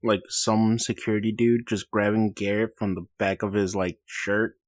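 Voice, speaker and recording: A man's voice: on the low side, little pitch movement, moderate pace, dry recording, clean studio sound. A young man co-hosting a casual podcast, joking and teasing with plenty of swearing and laughter. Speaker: podcast co-host. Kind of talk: casual chat.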